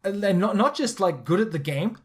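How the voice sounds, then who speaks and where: An eager podcast host who talks in a rush of enthusiasm. They stumble over the starts of sentences, repeat words, and keep piling on sidebars, all at a mid-range pitch for their voice type. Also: animated, brisk. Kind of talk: casual podcast chat.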